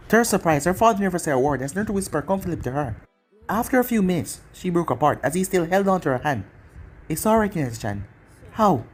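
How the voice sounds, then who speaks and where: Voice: medium pitch, a little mellow, rough recording. A reader narrating a fan story aloud, voicing every character in the same voice and running lines and tags together.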